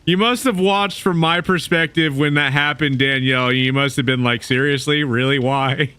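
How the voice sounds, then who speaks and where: A man's voice: a little high, normal speed, sharp tone, smooth, dry recording. A man streaming a video game, chatting casually with viewers and teammates and laughing often. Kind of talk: casual gaming stream chat.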